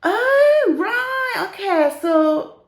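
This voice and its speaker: A woman's voice: very high voice, animated, drawn-out words, reverberant, pitched above the performer's own voice, heavily acted. A woman voicing a chatty, boastful old lady with a Northern English accent. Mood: gossiping. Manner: gossipy, boastful.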